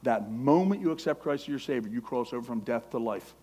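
A man preaching a sermon with passion, quoting scripture and acting out prayers, his voice rising when he gets excited. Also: medium pitch, a little fast, husky. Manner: impassioned, quotes scripture, acts out prayers.

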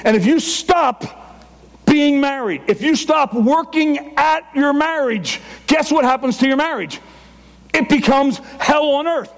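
A man in his sixties preaching a sermon, fast and emphatic, with teasing humor. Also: very high-pitched, lively intonation, gravelly. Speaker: pastor.

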